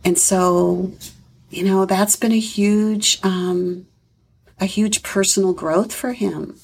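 A woman's voice: medium pitch, fairly even intonation, slow pace, creaky, darkish tone, a little hiss or hum. A middle-aged woman, a foster parent, speaking earnestly in an interview with many fillers. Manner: earnest, reflective, with frequent fillers. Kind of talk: conversational interview storytelling.

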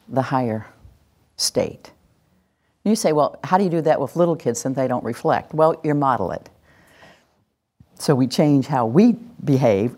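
A woman's voice: sits low, darkish tone. A middle-aged woman teaching a parenting workshop, acting out what parents and children say and laughing often. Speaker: parenting instructor.

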